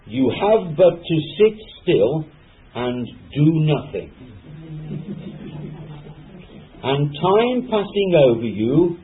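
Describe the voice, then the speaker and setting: A man's voice: on the high side, sing-song, very slow, pauses often, slight background noise. A man preaching a sermon, reading scripture and turning to his listeners with asides and questions. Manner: addresses listeners as brethren and sisters, rhetorical asides. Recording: phone-like lo-fi recording.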